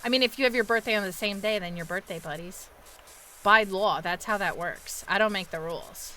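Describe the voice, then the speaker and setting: A young woman with a New York accent chats with her stream's viewers as she plays, her voice bright and forward. She talks loosely, reading and answering questions from chat. Her pitch sits in a middle range for a woman, and faint noise hangs behind her. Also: fairly quick, poor audio. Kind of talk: casual chat with live chat while gaming.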